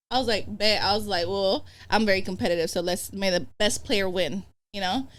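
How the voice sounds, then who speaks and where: A young woman guest on a podcast, telling a story in casual chat, animated and profane, acting out what others said. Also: mid-range voice, fairly quick, few pauses. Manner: animated, profane, acts out quoted dialogue.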